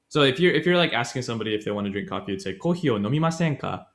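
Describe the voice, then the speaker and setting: A man's voice: medium pitch, lively intonation, rapid-fire. A man co-hosting a casual podcast, chatting his way through a language grammar lesson and often correcting himself mid-sentence. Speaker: podcast co-host.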